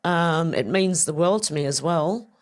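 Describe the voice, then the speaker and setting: A woman's voice: sits low, expressive. An Australian woman hosting a casual livestream, rambling and chatty as she talks to viewers and reads their comments. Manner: rambling, chatty, repeats herself, quick laughs. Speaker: livestream host.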